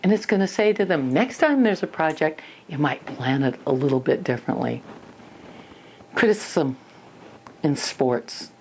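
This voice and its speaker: Animated older woman teaching parents. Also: low-pitched, moderate pace, a little hiss or hum. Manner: animated, acts out parent and child voices. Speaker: parenting educator. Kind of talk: spoken lesson to parents.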